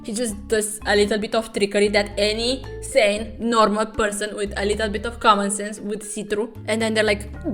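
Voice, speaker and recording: A woman's voice: medium pitch, level tone, normal speed, few pauses, soft background music. A young woman recapping a webtoon as comedy commentary, sarcastic and profane, with mocking asides and over-the-top dramatic readings.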